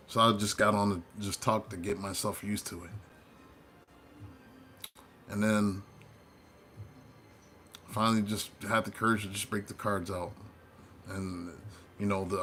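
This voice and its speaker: A man's voice: fairly low pitch, fairly even intonation, normal speed, pauses often, bright, forceful tone, slight background noise. A man who reads tarot, talking casually and rambling to his viewers as he tells how he started, with loose asides along the way. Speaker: tarot reader. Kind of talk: casual storytelling monologue.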